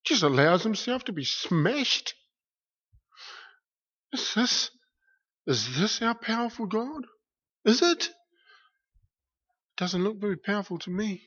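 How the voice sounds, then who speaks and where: A man preaching a sermon with passion, dropping to a hush and then rising loud, repeating his phrases for weight. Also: high-pitched, sing-song, slow, pauses often, breathy edge. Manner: impassioned, swings from hushed to loud, repeats phrases. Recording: muffled lo-fi recording.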